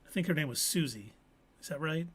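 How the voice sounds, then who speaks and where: A man's voice: fairly high pitch, a little fast, slightly rough. A man hosting a live stream, casually recapping a TV episode and acting out quotes from the characters. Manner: animated storytelling with acted quotes. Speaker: podcast host.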